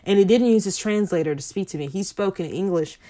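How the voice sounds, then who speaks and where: A woman's voice: medium pitch, brisk, dark tone. A woman minister telling stories in a rambling, chatty way with many fillers, turning preachy and emphatic. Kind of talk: casual faith talk.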